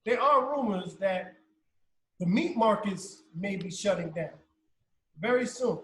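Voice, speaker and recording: High-voiced man in a roomy studio. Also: lively intonation, measured pace, a bit bright, slight background noise. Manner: conversational, advising listeners. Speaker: radio co-host. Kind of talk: casual radio banter.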